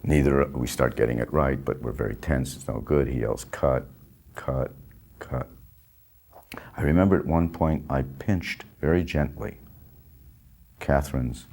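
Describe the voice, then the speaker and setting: Recounting his film days, the older actor speaks in a rumbling low, darkish voice with vocal fry at a moderate pace. The anecdote wanders, with sentences abandoned midway and little laughs.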